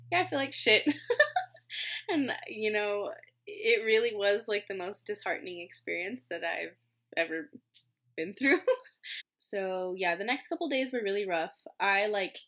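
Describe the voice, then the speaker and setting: A young woman in her twenties tells a story to her camera in a loose, chatty way, with plenty of fillers and self-mocking asides. Her voice sits in a middle pitch, and she is recorded at home on a simple camera mic. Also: a little slow, fairly bright tone. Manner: chatty, filler-heavy, self-deprecating with frequent laughs. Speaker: medical student vlogger.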